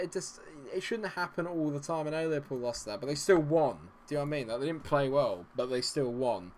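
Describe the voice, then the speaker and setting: A man's voice: medium pitch, fast talker, few pauses. Sarcastic man commentating a game. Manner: exasperated, sarcastic, swings from grumbling to cheering. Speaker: gaming streamer.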